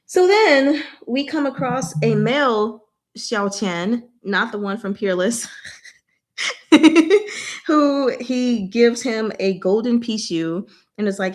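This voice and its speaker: A woman hosting a casual book discussion, animated and exclaiming, often breaking into laughter. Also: a little high, measured pace. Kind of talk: casual chat.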